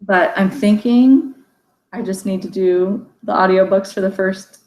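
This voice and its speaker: A woman's voice: mid-range voice, steady tone, unhurried, a little mellow. A woman hosting a casual livestream book chat, talking loosely with fillers, restarts and frequent laughs. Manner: chatty, laughs often, many fillers and restarts. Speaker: book discussion host. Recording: echoey room with faint ambient noise.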